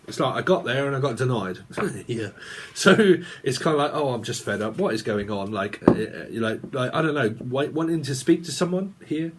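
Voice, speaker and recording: A man doing a tarot reading at an unhurried, drawn-out pace, muttering names and wandering from thought to thought. He chuckles to himself as he goes, his voice sitting in an ordinary middle range. A faint hiss of noise sits behind him. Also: mid-range voice. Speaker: tarot reader. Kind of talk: rambling tarot reading vlog.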